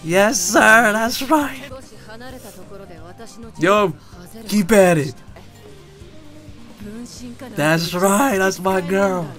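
A man giving a live reaction commentary, excitable and full of casual slang. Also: high voice, very slow, pauses often, soft background music. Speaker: anime reaction creator.

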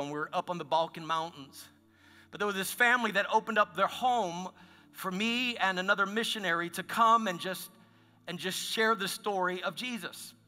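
High bright-voiced pastor preaching in a hall. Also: male voice. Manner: conversational storytelling with many restarts. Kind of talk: sermon. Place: church sanctuary.

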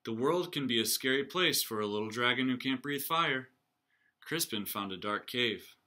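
Bright, animated man reading a picture book. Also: medium pitch, normal speed. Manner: animated storytelling. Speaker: reader, teacher.

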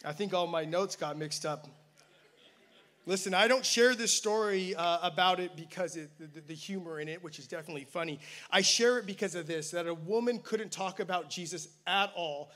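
A man's voice: high voice, normal speed, a bit bright. A man preaching a sermon as pastor, telling a personal story with self-deprecating humor. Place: church campus service.

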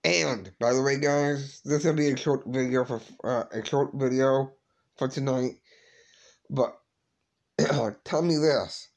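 Slow, halting man vlogging. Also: mid-range voice, fairly even intonation, creaky. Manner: halting, repeats and restarts words, grieving. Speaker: vlog host. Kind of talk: emotional personal vlog.

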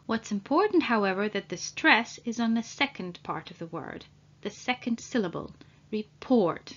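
A woman language trainer giving an English pronunciation lesson, saying each word slowly and spelling out its sounds. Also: fairly high pitch, animated, fairly bright tone, lo-fi sound. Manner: slow, deliberate, spells out sounds.

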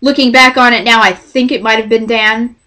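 Young woman, casual storytelling, self-mocking, excitable, bright voice. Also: fairly high pitch, fairly quick. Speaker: vlogger.

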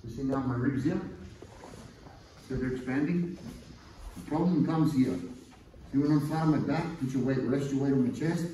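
A man's voice: medium pitch, normal speed, pauses often, warm tone. A man teaching a jiu-jitsu seminar, directing a partner on the mat with coaxing, direct commands while he demonstrates. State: strained, pressed under a partner's weight at times. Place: large indoor training gym. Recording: echoey gym, mic far off, some noise.

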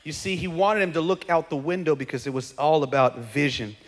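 A man preaching a sermon as pastor. He swings from quiet conversational asides to shouted preaching and acts out comic voices of churchgoers. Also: fairly high pitch, steady tone, brisk, in a large hall. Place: church sanctuary.

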